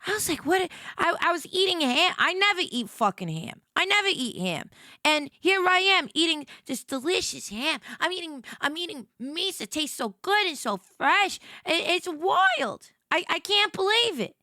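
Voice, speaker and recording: A woman's voice: extremely high pitch, big pitch swings, normal speed, bright, forceful tone, no room sound, clean studio sound. A woman livestreamer chatting casually with her viewers, playful and rambling, often stammering and repeating herself. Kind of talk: casual stream chat.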